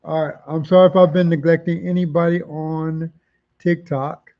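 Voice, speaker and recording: A man's voice: a little high, little pitch movement, moderate pace, lo-fi sound. A man hosting a live comic auction stream, chatting casually, repeating prices and titles and reading out viewer comments.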